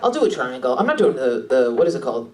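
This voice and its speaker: A woman stand-up comedian doing crude, brash crowd work on a club stage, with quick asides to the audience. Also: a bass voice, sing-song, darkish tone, far from the mic, a little hiss or hum. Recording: roomy club sound, crowd laughter.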